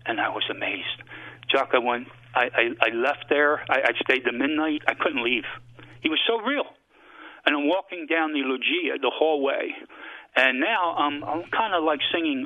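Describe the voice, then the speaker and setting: A man, a priest guest, telling a halting and emotional personal story on call-in radio. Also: medium pitch, no room sound. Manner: halting, emotional testimony with many fillers. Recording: phone line.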